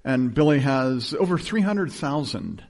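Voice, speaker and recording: A man's voice: mid-range voice, sing-song, a little slow, gravelly, a little mellow. A man pastor giving a conversational sermon, often putting questions to the congregation.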